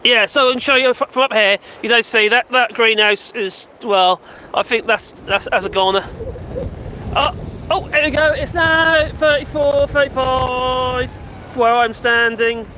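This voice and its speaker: A man's voice: very high voice, unhurried, sharp tone, poor audio. A man live-streaming outdoors in gusty wind, chatting casually and rambling with laughs and exclamations, into a mic with a furry windshield. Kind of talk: casual live-stream chat, reading comments. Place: outdoors on a windy hillside near buildings. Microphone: handheld mic with furry windshield.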